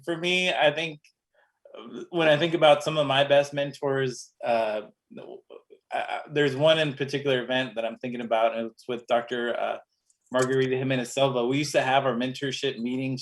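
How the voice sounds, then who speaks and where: A man's voice: mid-range voice, a bit bright. Casual storytelling man on a video call. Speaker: panelist. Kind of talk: webinar panel talk.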